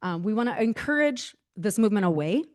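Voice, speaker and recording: A woman's voice: medium pitch, expressive, fairly quick, darkish tone. Woman presenter, conversational lecture delivery, filler-heavy and self-deprecating. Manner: chatty, many fillers, laughs at herself. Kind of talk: casual presentation.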